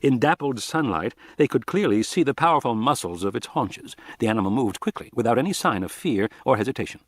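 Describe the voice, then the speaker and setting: A man narrating an audiobook in an expressive, dramatic reading style. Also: mid-range voice, brisk, no room sound, studio quality.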